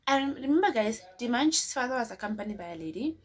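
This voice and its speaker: Animated young woman telling a story. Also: a little high, quick pace. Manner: animated, rhetorical, dramatic. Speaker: vlogger. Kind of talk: storytime vlog.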